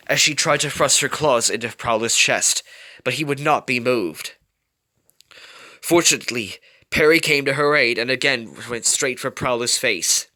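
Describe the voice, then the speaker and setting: A man's voice: medium pitch, bright, forceful tone. A man reading a fan story aloud, telling it dramatically with small slips. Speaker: reader.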